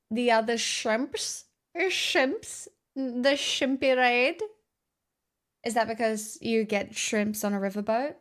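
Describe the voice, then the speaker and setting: A woman's voice: mid-range voice, gravelly. A woman streamer chatting casually with her viewers, tired and rambling, with playful self-mockery.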